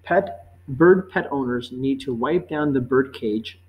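A man teaching a life-skills quiz, reading each question slowly and patiently, then repeating it before giving the answer. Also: medium pitch, highs cut off. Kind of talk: quiz lesson narration.

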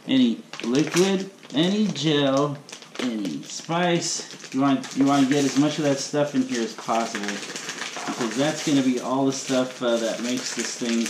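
A man's voice: mid-range voice, measured pace. A man hosting his own cooking video in a home kitchen, talking in a rambling, chatty way full of asides. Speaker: cooking channel host. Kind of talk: casual cooking vlog. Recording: echoey kitchen with faint room noise.

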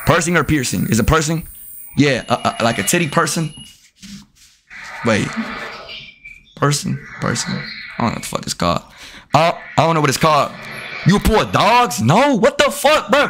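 A man live-streaming a video game, cursing and trash-talking at his chat, with sudden yelled outbursts. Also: on the high side. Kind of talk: casual live-stream commentary while gaming.

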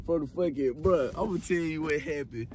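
A young man, telling a story to friends in a car in an animated, profane, laughing way. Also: fairly high pitch, fairly quick, noisy background. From Mississippi, US. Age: young adult. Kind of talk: casual storytime among friends.

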